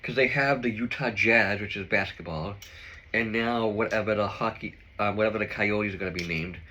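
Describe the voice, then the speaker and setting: A man's voice: fairly low pitch, normal speed, sharp tone, muffled recording, a little hiss or hum. A man vlogging in casual chat with his viewers, rambling and opinionated with lots of fillers while he eats a meal.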